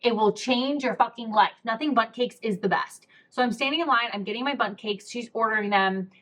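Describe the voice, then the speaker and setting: A woman's voice: on the high side, a little fast, a bit bright. A young woman with a slightly raised voice tells a personal story on her podcast. She is chatty and candid, swears freely and fills her talk with "like." Her delivery stays casual and confessional. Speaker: podcast host.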